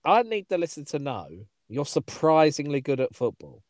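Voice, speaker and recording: Podcast co-host, casual and teasing, high-ish pitch that leaps all over. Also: male voice, sing-song, normal speed, a little mellow. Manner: chatty, teasing, asks questions. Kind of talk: casual chat.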